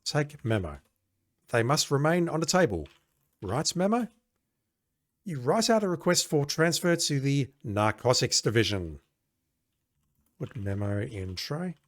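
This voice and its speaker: A man's voice: medium pitch, very animated, unhurried, long pauses. A man casually playing an old adventure game, reading its text aloud and making wry asides with occasional swearing. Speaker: let's play host.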